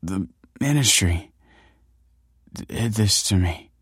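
Half-conscious dad mumbling slow and stammery, deep voice, narrator putting him on, dry close mic. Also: male voice, animated, fairly bright tone, slightly rough, no room sound, exaggerated voice. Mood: weak, delirious. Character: wounded delirious father, weak and paranoid.

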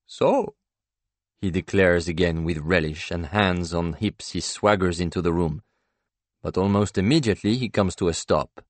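A man with a very deep, low voice reads a first-person novel aloud. His delivery is measured, with a dry, ironic edge, and the sound is close and dead. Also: dry recording. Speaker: audiobook narrator. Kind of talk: scripted first-person narration.

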